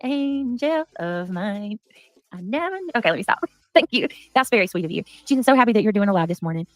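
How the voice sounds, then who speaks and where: A woman's voice: mid-range voice, sing-song, rapid-fire, no echo. A woman chatting casually on a livestream, reading out and thanking donations.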